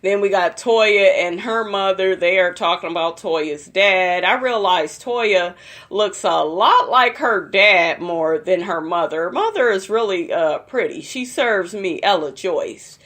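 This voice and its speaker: A woman's voice: medium pitch, measured pace, a bit bright. A young woman in a casual vlog, gossiping and swearing as she recaps a reality TV episode for her viewers. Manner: profane, gossipy, addresses viewers as y'all.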